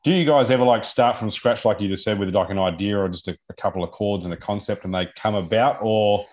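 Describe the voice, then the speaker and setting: A man hosts the interview in a lowish voice. He asks long, easygoing questions that wander a bit before he gets to the point. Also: fast talker, darkish tone. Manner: conversational, rambling questions.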